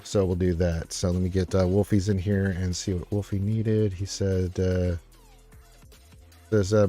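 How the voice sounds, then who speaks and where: A man's voice: sits low, fairly even intonation, normal speed, warm tone, soft background music. Upbeat rambling male stream host. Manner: rambling, upbeat, many fillers. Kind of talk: casual live-stream chat reading viewer comments.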